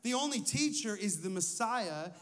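Man, high voice, lead pastor, sermon, conversational, asks the crowd questions. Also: animated, normal speed, fairly bright tone. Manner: tells personal stories.

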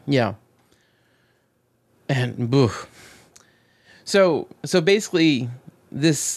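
A man co-hosting a casual chat, recapping a film with swearing, jokes and quick acted-out voices. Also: medium pitch, animated. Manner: profane, jokey, acts out quick voices mid-recap. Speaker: podcast co-host.

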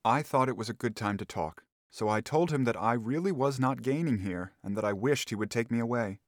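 A man giving a scripted narration of a classic story, measured and deliberate, into a studio microphone. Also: mid-range voice, dry recording. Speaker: audiobook narrator.

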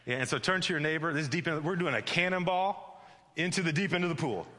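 This pastor's voice is a little high, bright and pushed, and he talks fast and animatedly. He preaches his sermon in a chatty, joking manner, constantly restarting sentences and saying "like," with a long hall reverb around him.

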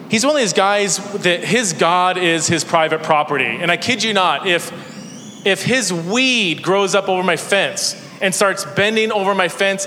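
Bright-voiced man preaching in reverberant church. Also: high voice, a little hiss or hum. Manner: energetic storytelling with self-deprecating humor. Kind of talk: sermon. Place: church sanctuary. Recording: long church hall reverb.

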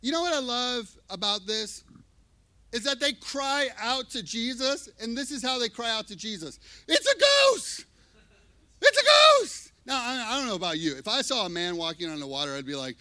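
A man preaching a sermon, animated and emphatic, shifting between hushed and loud delivery. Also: high-pitched, brisk, smooth. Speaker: pastor. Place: church.

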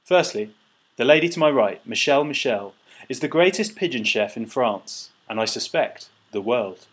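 A man's voice: mid-range voice, animated, normal speed, husky. A man voicing a stubborn, tetchy male French pigeon who talks straight. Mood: persuasive.

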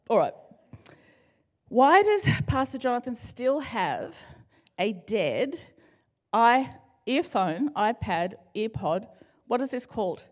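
Middle-aged woman doing a chatty jokey sermon, talks right to the crowd, voice sits a bit high. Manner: playful, joking, talks straight to the congregation. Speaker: church speaker. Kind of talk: conversational sermon.

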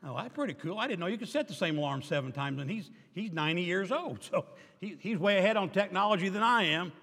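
Older preacher, high voice, hall echo. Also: male voice, animated, fast. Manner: emphatic preaching that drops to quiet asides, with dry humor. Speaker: pastor. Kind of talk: sermon. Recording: reverberant hall.

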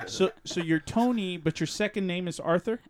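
A man's voice: high-pitched, measured pace. A man co-hosting a casual chat, playful, stammering and laughing often. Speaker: co-host. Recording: clicking noise behind.

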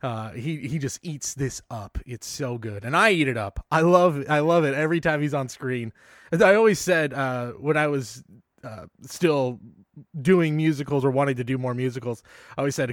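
A man co-hosting a podcast, chatting in an animated, enthusiastic way with lots of fillers. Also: medium pitch, moderate pace, no room sound, studio quality. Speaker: podcast co-host. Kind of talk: casual film discussion.

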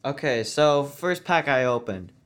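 A man's voice: medium pitch, lively intonation, unhurried, a bit bright. Eager teenage boy telling a story. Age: teens. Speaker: guest. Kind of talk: casual chat.

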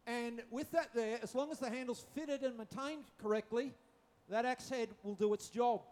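A man's voice: extremely high pitch, moderate pace, darkish tone. A man preaching a sermon, joking with his listeners and repeating his phrases. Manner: humorous, acting out quotes, repeats phrases.

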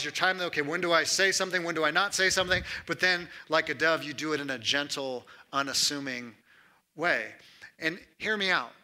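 Bright-voiced man preaching conversationally. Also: on the high side. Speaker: pastor. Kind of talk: sermon.

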